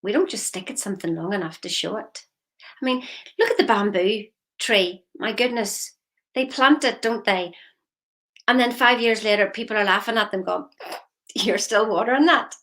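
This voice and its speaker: A woman's voice: medium pitch, moderate pace, a bit bright. A woman giving a motivational talk as a coach, firing repeated questions at the listener.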